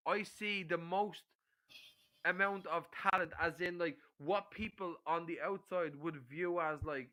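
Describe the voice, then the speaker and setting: A man in his forties chats loosely on a stream, full of swearing and pushy teasing. His voice sits high and sounds bright and edgy. He talks in a casual, rambling way. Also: fairly even intonation, measured pace, low-quality recording. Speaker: stream guest. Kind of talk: casual chat.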